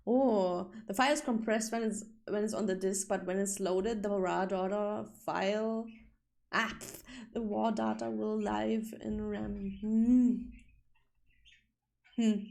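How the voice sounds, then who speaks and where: A woman's voice: medium pitch, fairly even intonation, slow, gravelly, darkish tone. A young woman with a German accent chatting casually on a livestream, rambling and swearing when annoyed. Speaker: streamer.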